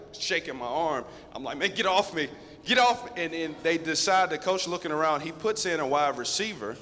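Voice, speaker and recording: A man in his thirties, a guest speaker at a school, telling a lively story straight to the students. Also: a little high. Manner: lively, conversational, addresses the crowd directly. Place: school assembly hall. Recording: long echo of a big hall.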